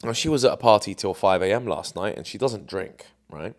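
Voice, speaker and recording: A man's voice: on the low side, animated, a little fast. A young man telling a dating story to camera in a chatty, confident way, full of fillers. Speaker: dating coach.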